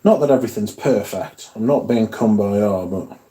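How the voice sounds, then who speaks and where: A man with a mellow, warm, relaxed voice hosts a casual livestream from home. He rambles, swears freely and reads viewer comments aloud between his own asides. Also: lowish voice, normal speed. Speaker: fragrance livestream host.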